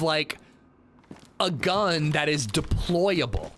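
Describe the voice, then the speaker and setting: A man with a fairly high, expressive voice speaks at a measured pace during a game stream. He rambles and chats casually, leaning on filler words, while background hiss fills the noisy recording.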